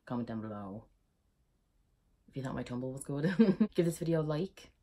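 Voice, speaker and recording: A young woman with an Irish accent talks through her vlog in a low, husky voice, easily set off into giggles. Her tone is dark and mellow, and she chats in a loose, rambling way. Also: animated, moderate pace. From Ireland. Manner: giggly and chatty, prone to laughing fits. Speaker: YouTuber. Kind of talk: casual vlog chat.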